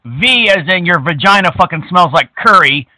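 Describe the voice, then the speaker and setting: A man making a prank phone call, crude, abusive and mocking, at times bursting into shouts. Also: high voice, lively intonation, moderate pace, no echo. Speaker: prank caller.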